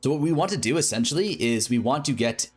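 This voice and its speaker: A man's voice: mid-range voice, animated, fast, breathy edge, soft background music. A man streaming a game, casually thinking aloud through a crafting plan and correcting himself as he goes. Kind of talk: explaining a game crafting strategy.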